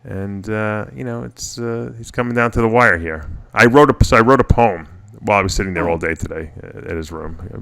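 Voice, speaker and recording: Low, bright-voiced man rambling through stories. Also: fairly quick, creaky, hardly any pauses. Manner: rambling, personal storytelling with many restarts. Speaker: podcast host. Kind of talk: casual radio show chat.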